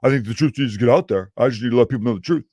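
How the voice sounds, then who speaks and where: A man's voice: mid-range voice, very fast, darkish tone, no echo, natural voice. A man putting on the voice of a whiny, self-righteous online troll, mocking and insistent.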